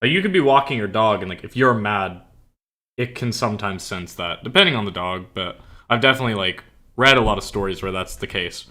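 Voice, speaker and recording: A man's voice: fairly low pitch, animated, a little fast, sharp tone. A man streaming and chatting casually, rambling with lots of "like" fillers and self-corrections.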